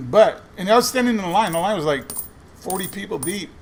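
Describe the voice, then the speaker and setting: Man, casual vlogger, rambling anecdote, gravelly voice, coins clinking behind, faint hiss. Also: high-pitched, lively intonation, moderate pace. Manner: rambling anecdotes, quoting others in conversation. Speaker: coin roll hunting vlogger. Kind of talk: casual storytelling while searching coin rolls.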